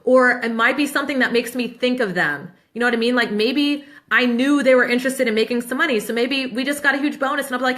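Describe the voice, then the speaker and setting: A woman in her thirties, a business coach answering questions in a casual live Q&A, chatty and upbeat and quick to laugh. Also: a little high, pushed and bright. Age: 30s.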